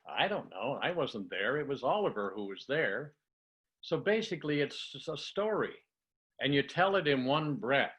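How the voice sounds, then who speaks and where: A man's voice: medium pitch, animated, moderate pace, highs cut off. An older man on a video call who is coaching a workshop group, demonstrating tongue twisters in one breath and explaining each one like a story. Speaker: communication coach. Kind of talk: online workshop teaching.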